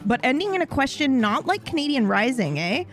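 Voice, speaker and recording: A woman's voice: sits high, fairly quick, faint music behind. A woman streamer chatting casually and with feeling, swearing and wandering into asides. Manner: animated, swears, rambles with asides. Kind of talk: casual chat.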